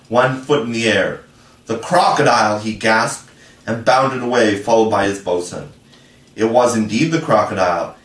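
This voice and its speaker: A man reading a classic children's story aloud in a measured, expressive way. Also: lowish voice, far from the mic. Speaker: audiobook reader. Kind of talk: storybook narration. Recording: echoey room, voice from afar.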